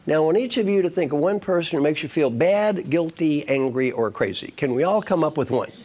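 A man's voice: a little high, lively intonation, fairly quick, few pauses, a little mellow. A man giving a motivational talk to an audience, repeating key phrases and speaking to them directly. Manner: repetitive, coaxing, addresses audience directly.

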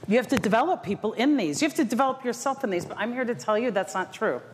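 A middle-aged woman giving a motivational keynote talk to a live audience, telling stories in an animated, self-mocking, dramatic way. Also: on the high side, fast. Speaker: motivational speaker. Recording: echoey hall with faint noise.

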